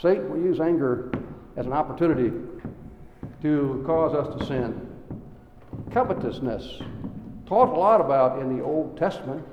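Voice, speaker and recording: A man's voice: fairly high pitch, lively intonation, moderate pace, long pauses, muffled recording, a little hiss or hum. A man preaching a sermon, folksy, acting out the people in his stories with quoted voices. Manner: acts out Bible figures in quoted voices, folksy asides. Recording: echoey hall with long reverb.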